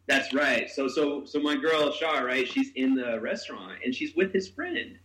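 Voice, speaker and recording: A man's voice: mid-range voice, lively intonation, a little slow, pushed and bright, roomy sound, a little hiss or hum, poor audio. A man hosting a podcast, telling a story in casual chat. He acts out the quotes with big jumps in his voice, swears and laughs. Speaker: podcast host.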